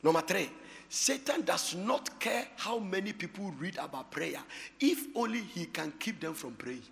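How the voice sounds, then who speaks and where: A man preaching a sermon, moving from hushed storytelling to shouted exhortation and laughing often. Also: high voice, lively intonation, moderate pace, vocal fry, big-room sound. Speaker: pastor.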